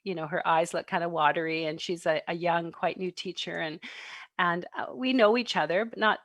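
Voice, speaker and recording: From home, a middle-aged parenting workshop presenter speaks to an online audience through her computer mic on a video livestream. Her voice is fairly low and normal in speed, with no room sound, as she laughs and acts out quotes in warm, animated personal stories.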